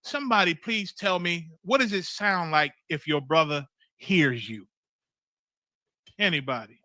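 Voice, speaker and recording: A man's voice: on the high side, measured pace, bright, forceful tone, no room sound. A man leading a scripture class, preaching in a loose, streetwise way with profanity and acted-out exchanges.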